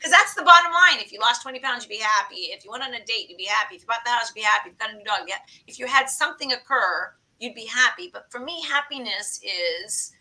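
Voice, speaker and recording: A woman in her late fifties hosting a casual podcast chat, animated and enthusiastic. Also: fairly high pitch, very fast, few pauses, low-quality recording. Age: late 50s. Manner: animated, enthusiastic, breezy and upbeat. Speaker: podcast host.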